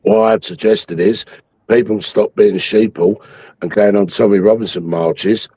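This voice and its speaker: A man in his sixties hosts a livestream of heated political chat, ranting angrily and swearing heavily. His voice is fairly low, a little mellow, with a breathy edge. There's no room sound, but the recording is rough.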